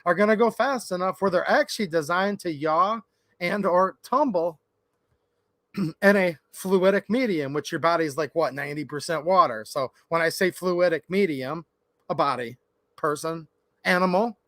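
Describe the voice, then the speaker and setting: A man's voice: high-pitched, unhurried, long pauses, a bit bright, dry recording. A man from Michigan hosting a casual livestream from his workshop, chatty and opinionated, talking straight to his chat. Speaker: gun channel livestream host.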